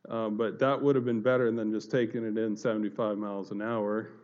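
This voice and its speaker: A man giving a personal testimony to an audience, telling it in an earnest, halting way with many fillers and restarts. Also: on the low side, level tone, a little mellow, muffled recording. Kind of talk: earnest spoken storytelling to an audience.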